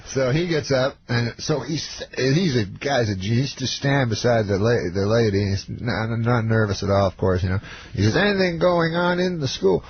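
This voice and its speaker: A man from Canada, a comedian guest, telling a rambling deadpan story on a radio show with lots of fillers and restarts. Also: fairly low pitch, normal speed, dull audio, a little hiss or hum.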